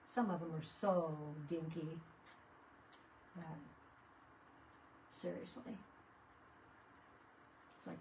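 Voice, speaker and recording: A woman's voice: fairly low pitch, very slow, creaky, long pauses, darkish tone, a little hiss or hum. A woman chatting casually while she does crafts at home, rambling from one story to the next with lots of restarts. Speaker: craft vlogger. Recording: voice picked up from a distance.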